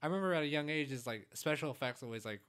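A man's voice: on the high side, lively intonation, racing, fairly bright tone. A man co-hosting a casual movie chat, thoughtful and rambling, with many fillers and hedges. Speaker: podcast co-host.

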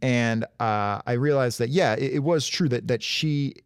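A man's voice: mid-range voice, moderate pace, smooth, no echo, clean studio sound. A young adult man co-hosting a casual podcast, explaining trivia with wry asides. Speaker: podcast co-host. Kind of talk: casual chat.

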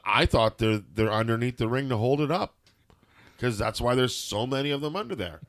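A man's voice: mid-range voice, lively intonation, fairly quick. A man co-hosting a podcast, giving a rambling, jokey wrestling recap in casual chat. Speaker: podcast co-host.

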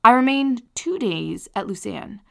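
Woman reading an old novel aloud, steady and earnest, voice a bit gravelly. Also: fairly high pitch, measured pace. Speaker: audiobook narrator. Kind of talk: scripted narration.

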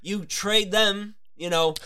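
A man's voice: sits high, fairly even intonation, slow pace, bright, forceful tone. A man, a tap dancer appearing as a podcast guest, talking in a thoughtful, casual way with plenty of fillers. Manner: thoughtful, hedging with fillers like "you know". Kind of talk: casual conversation.

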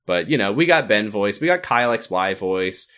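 Dry jokey podcast guy, lowish voice, kinda sharp and bright. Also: lively intonation, moderate pace, smooth. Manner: dry, jokey, reads off patron names. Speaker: podcast co-host. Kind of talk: casual podcast chat.

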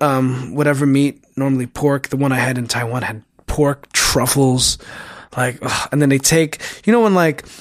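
A man in his thirties, an animated storyteller in casual chat who swears a lot and uses many fillers. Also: mid-range voice, no echo, studio quality.

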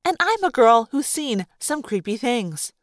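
Expressive high-voiced woman reading aloud. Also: unhurried, no echo, studio quality. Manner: expressive storytelling. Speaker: audiobook reader. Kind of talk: first-person audiobook narration.

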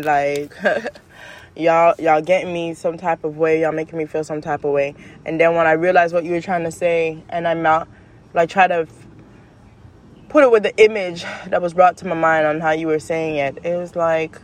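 A woman hosting her own show, talking in a casual, animated monologue full of slang, jumping up in pitch for emphasis and laughing as she goes. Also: moderate pace. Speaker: podcast host.

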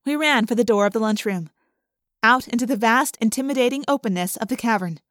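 A woman reading an audiobook aloud in first person, expressive, lifting her voice for the characters' lines. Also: brisk, no echo, clean studio sound. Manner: expressive, lifting pitch for dialogue. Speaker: audiobook narrator.

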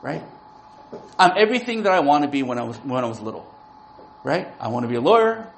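A man's voice: mid-range voice, very animated, quick pace, slight background noise, poor audio. A man in his forties preaching a sermon in a casual, talky way, often asking "right?" to the listeners. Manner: conversational, keeps asking "right?". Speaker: preacher and lawyer.

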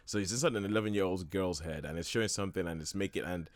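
A man's voice: low voice, very fast, no room sound. A man talking casually and enthusiastically about a film as a radio show regular, rambling with many restarts and laughs. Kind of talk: casual chat.

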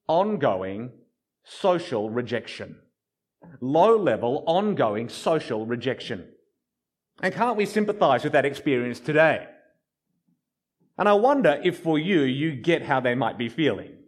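Male pastor, sermon, animated pitch, slightly higher voice, emphatic repetition. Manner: emphatic repetition, drops low and slow on key phrases.

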